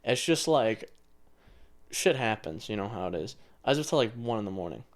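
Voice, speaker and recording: A man's voice: lowish voice, animated, moderate pace. Rambling young man telling a story. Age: 20s. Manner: rambling storyteller, casual swearing. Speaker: podcast co-host. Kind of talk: casual chat.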